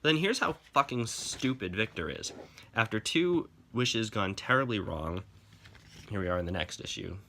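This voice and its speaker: Exasperated and casual, a man reviews a comic with free-flowing swearing and heavy sarcasm, his lowish voice sounding bright and forceful. He uses lively intonation at a moderate pace, and there's a little hiss or hum in the recording.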